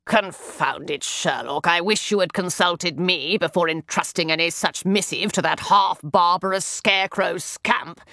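A woman reading an audiobook, voicing a pompous, blustering Victorian gentleman who rants and sputters, with a lower, slower, altered voice. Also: dry recording, studio quality. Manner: pompous, ranting, sputters when flustered. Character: pompous blustering Victorian elder brother, man.

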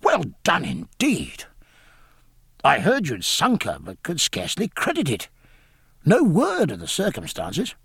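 A man voicing a gruff, hearty old admiral who speaks bluntly, in an audiobook. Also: fairly high pitch, huge pitch swings, moderate pace, a bit bright, slight background noise, voice pushed up, exaggerated voice. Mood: bluff hearty. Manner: blunt, bluff, hearty exclamations.

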